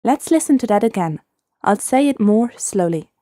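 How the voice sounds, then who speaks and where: A woman hosting a short scripted language lesson, speaking clearly and patiently and repeating phrases slowly for learners. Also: medium pitch, lively intonation, mellow, dry recording, studio quality.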